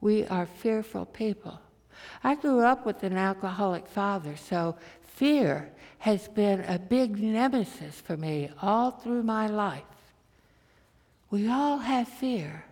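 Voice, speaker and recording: A woman preacher giving a sermon, telling stories in a slow, deliberate way in a church. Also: on the high side, animated. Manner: slow, deliberate storytelling delivery. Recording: reverberant hall.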